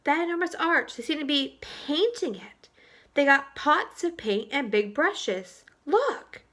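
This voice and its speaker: An eager young boy, voiced by a woman reading aloud talks in urgent bursts. The voice is high and bright. It is a storybook read-aloud. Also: animated, measured pace.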